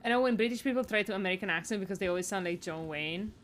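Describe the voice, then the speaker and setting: A woman's voice: medium pitch, racing, a little hiss or hum. A woman with an Italian accent, a native Italian speaker, chatting casually and rambling through gameplay commentary with the odd swear. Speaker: streamer.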